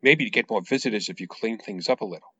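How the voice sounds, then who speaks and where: A brash, protective woman snaps and scolds, as a man reads her lines aloud. The voice sits fairly low. This is an author reading his own book aloud. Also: fast, pushed and bright, husky, lo-fi sound, exaggerated voice. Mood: brisk.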